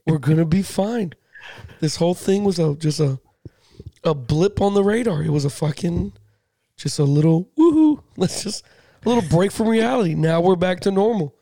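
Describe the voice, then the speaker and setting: A man co-hosting a casual sports podcast, animated, swearing freely and tripping over his words. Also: high-pitched, normal speed, vocal fry, no room sound, clean studio sound. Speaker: podcast co-host.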